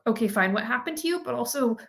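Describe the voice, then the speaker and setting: A woman's voice: fairly high pitch, lively intonation, quick pace, creaky, a bit bright. A woman who is a guest author on an interview podcast, talking earnestly and reflectively. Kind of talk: casual interview chat.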